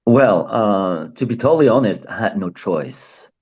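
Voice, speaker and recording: A man with a French accent, a clown and circus performer, talking in a casual interview in halting English with many fillers and restarts. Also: on the low side, lively intonation, a little mellow, slightly rough. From France.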